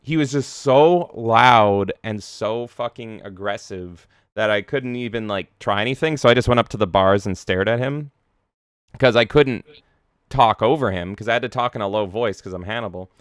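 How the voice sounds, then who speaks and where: A man hosting a casual chat, telling a story with lots of swearing and bursts of loud acted-out voices. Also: on the low side, normal speed, smooth, no echo, studio quality. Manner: animated, swears a lot, acts out voices. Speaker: host.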